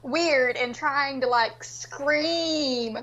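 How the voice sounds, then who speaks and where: A woman's voice: high-pitched, extremely slow, lo-fi sound, a crowd in the background. A woman in her twenties, a guest on a live stream, chatting casually with giggles and crude jokes. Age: 20s.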